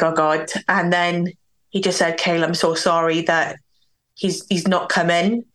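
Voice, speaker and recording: Low, flat-voiced woman telling her story. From Wales. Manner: candid, talks with many "like"s and acts out quoted dialogue. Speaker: guest. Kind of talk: personal storytelling in a podcast interview.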